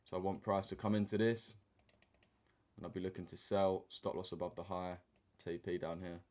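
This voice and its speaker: Young male streamer, lowish voice, easygoing slangy chat over trading charts, keyboard clicks behind. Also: level tone, moderate pace, darkish tone. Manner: laid-back banter with slang, reading chat aloud. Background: keyboard typing and mouse clicks.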